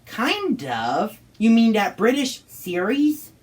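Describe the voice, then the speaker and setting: Woman doing pete, eager cartoon hero boy, gets cross easy, slow bouncy talk. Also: fairly high pitch, sing-song. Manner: eager, shouts battle roars. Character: young male hero fighting ghosts, easily cross.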